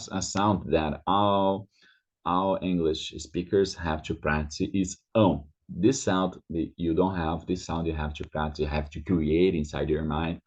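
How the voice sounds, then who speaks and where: A man with a Brazilian Portuguese accent gives a slow pronunciation lesson, saying each word again and again. His voice sits very low and has a husky edge. The recording sounds dull and lo-fi. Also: a little mellow. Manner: slow, repeats words over and over, drawn-out vowels. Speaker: language teacher.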